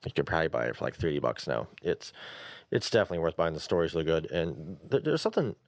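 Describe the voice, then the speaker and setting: A man's voice: rumbling low, lively intonation, fast talker, no room sound, clean studio sound. A man co-hosting a casual podcast, swearing freely and rambling with laughs as he talks about games. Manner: profane, rambling, laughs often. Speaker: podcast co-host.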